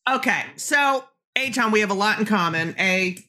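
A woman's voice: medium pitch, expressive, moderate pace, pushed and bright, a little hiss or hum. Brash, joking woman host. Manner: brash, joking, swears freely. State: phlegmy throat. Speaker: podcast host. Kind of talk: casual interview chat.

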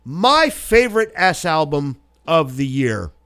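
A man's voice: fairly high pitch, sing-song, slow, a bit bright. A man hosting a casual chat about music, blunt and profane in his opinions.

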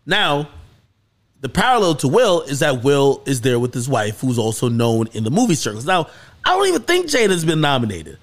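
A man hosting a podcast, telling a story in casual chat with lots of swearing and excited peaks. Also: medium pitch, normal speed. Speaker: podcast host.

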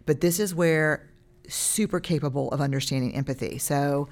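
A woman's voice: low-pitched, fast talker. A woman in her forties, a guest in a casual podcast chat, who acts out what she says to her children.

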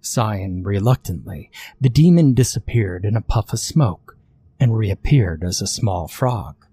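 A man narrating a scripted horror story in a steady, measured way. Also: fairly low pitch, breathy edge.

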